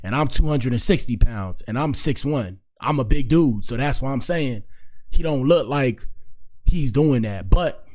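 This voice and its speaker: A man's voice: mid-range voice, expressive, unhurried, a little mellow. A man hosting a podcast, rambling in casual commentary with lots of "like" and "you know", then lecturing his listeners earnestly. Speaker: podcast host.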